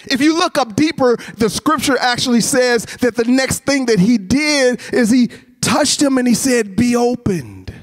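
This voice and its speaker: A man giving a chapel sermon, telling stories in a lively way and acting out voices. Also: extremely high pitch, normal speed, a little hiss or hum. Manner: animated storytelling, acts out voices. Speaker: chapel speaker. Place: college chapel with a masked audience.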